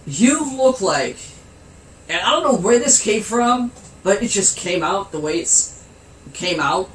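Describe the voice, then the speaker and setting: A man's voice: high-pitched, expressive, moderate pace, a bit bright. A man casually telling a funny story, giggling and laughing as he goes, and swearing freely. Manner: giggly, laughs through his anecdote. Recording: roomy, with faint background noise.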